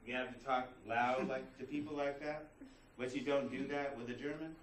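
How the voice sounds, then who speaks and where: A male college instructor delivers a classroom lecture in a conversational style, tossing out plenty of rhetorical questions. His voice is medium-pitched and steady, at a moderate pace. The recording is roomy and distant, picked up in a classroom with slight background noise.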